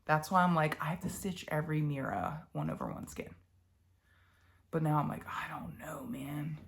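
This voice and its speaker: A young woman with a Philadelphia accent talks in a low voice, rambling casually through her crafting projects. She trails off and restarts often, with plenty of ums along the way. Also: sing-song, normal speed, gravelly, a little hiss or hum. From Philadelphia, USA. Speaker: cross-stitch vlogger.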